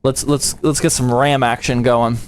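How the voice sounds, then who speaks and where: A man's voice: medium pitch, level tone, normal speed, a little hiss or hum. A young man from the United States, a PC building streamer, chatting casually with his live chat in a slangy, playful way.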